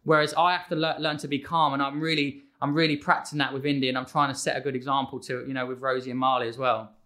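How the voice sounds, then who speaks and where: A man in his thirties, a fitness coach talking as a podcast guest, energetic with quick restarts and repeated words. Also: medium pitch. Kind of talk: casual podcast conversation.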